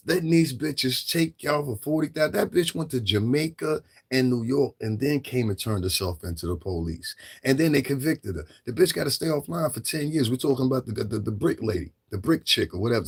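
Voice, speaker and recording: A middle-aged man hosts a livestream, ranting profanely and confrontationally and repeating himself to drive points home. His medium-pitched voice is gravelly and a bit rough, expressive, and moves at a moderate pace.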